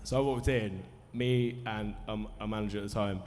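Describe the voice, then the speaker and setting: A man's voice: lowish voice, fairly even intonation, moderate pace, a little mellow. A man in his thirties telling a rambling, self-deprecating, sweary story to a live cinema audience, nervous with a dry mouth. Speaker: musician introducing a film screening. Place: cinema hall at a festival. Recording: live hall reverb, faint crowd ambience.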